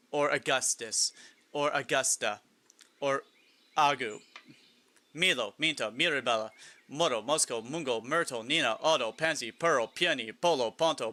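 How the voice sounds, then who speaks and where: A man's voice: medium pitch, pushed and bright, no room sound. A man live-streaming a game in casual chat, reading lists aloud, musing, and chuckling often.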